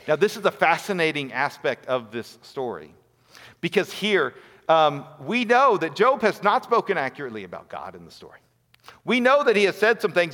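A man's voice: sits high, very animated, moderate pace, a bit bright. Man preaching in a reverberant hall. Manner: earnest, builds to rhetorical questions. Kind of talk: sermon.

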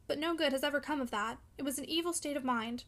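A woman reading the part of an earnest young woman who speaks with sorrowful gentleness. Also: sits high, fast. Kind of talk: audiobook character reading.

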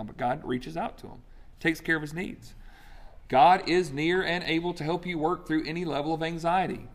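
A male pastor preaching a sermon in a conversational, animated way, mixing humor with scripture. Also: fairly high pitch.

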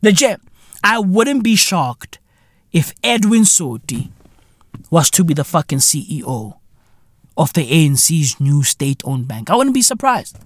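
Male podcast host, slow-paced, animated and exasperated, cursing and sarcastic. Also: fairly high pitch, no room sound. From South Africa. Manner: profane, sarcastic, exasperated ranting with slang. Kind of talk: solo podcast commentary rant.

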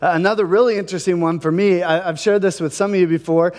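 A man's voice: sits high, fairly even intonation, fast talker, a little mellow, long reverb tail. A male pastor from Ohio preaching a sermon in a casual, conversational way, often checking in with the congregation. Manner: conversational, asks the congregation questions.

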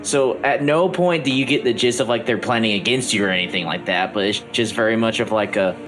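Give me a man as game master, halting and restarting, with faint music behind. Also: fairly low pitch, a bit bright. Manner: halting, restarts often, laughs easily. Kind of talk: narrating a tabletop game.

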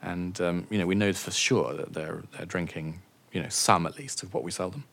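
A man's voice: deep voice, steady tone, normal speed, creaky, fairly bright tone. A man, a wine auctioneer, chatting as an interview guest, joking and laughing often at himself. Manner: jokey, self-mocking, laughs often. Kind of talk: casual interview chat.

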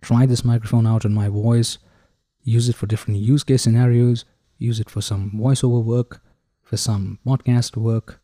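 A man hosting a podcast and testing microphones close up, with a showy manner that keeps addressing the ladies and gentlemen. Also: mid-range voice, little pitch movement, moderate pace, no echo. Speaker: podcast host. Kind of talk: casual microphone review talk. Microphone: handheld dynamic mic held close.

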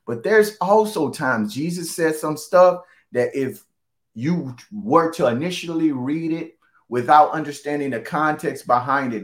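A man preaching in a relaxed, conversational way. He hammers his points home by repeating phrases and pushes his voice up when he stresses something. His pitch sits at an ordinary middle for a man. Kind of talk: sermon.

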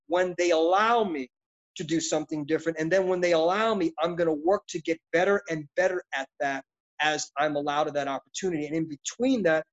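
A man's voice: fairly high pitch, brisk. Middle-aged man, actor guest, interview talk, intense, passionate, rambling, dull lo-fi sound. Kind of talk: interview conversation. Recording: dull lo-fi audio.

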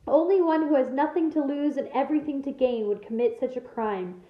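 Solemn young centaur guy, a lady reading him, measured and serious, higher voice, echoey dull room. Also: close to an everyday voice. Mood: grave. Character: young male centaur, calm and grave.

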